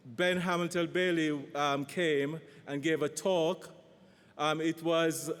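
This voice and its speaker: A man introducing a speaker at a conference, talking in a halting way with restarts. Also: fairly high pitch. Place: large conference hall. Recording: long hall reverb.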